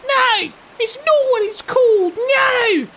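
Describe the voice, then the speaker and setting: A man voicing a shouting nineteenth-century orphanage keeper woman with a put-on Cockney accent. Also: slow, slight background noise, exaggerated voice. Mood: indignant. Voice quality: shrill, shouting.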